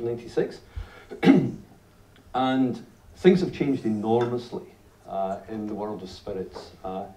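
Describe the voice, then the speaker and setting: A Glaswegian man in his fifties, speaking with a Scottish accent, gives a lively talk about whisky to a live audience, telling stories and repeating "you know". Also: medium pitch. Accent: Scottish (Glasgow). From Scotland (Glasgow). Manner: animated storyteller, lots of "you know", frequent restarts. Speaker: whisky writer giving a talk. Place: indoor venue at a tasting event. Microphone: filmed by a distant camera in the audience. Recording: roomy, distant camera audio, faint noise.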